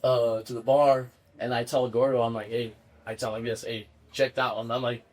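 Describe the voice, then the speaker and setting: A man with a husky edge to his mid-pitched voice, telling a rowdy story among family. He acts out the other people's lines and laughs through the telling. His talk is loose and full of casual swearing. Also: flat delivery, normal speed, a little mellow. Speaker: family member of the football player, storyteller.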